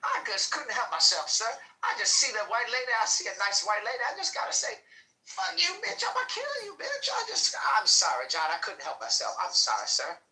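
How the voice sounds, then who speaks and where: A man's voice: wildly swooping pitch, a little fast, far from the mic, full character voice. A man voicing a furious, cursing male warehouse worker who was just fired. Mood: fake apologetic. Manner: screaming threats, high strained yelling. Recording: roomy echo.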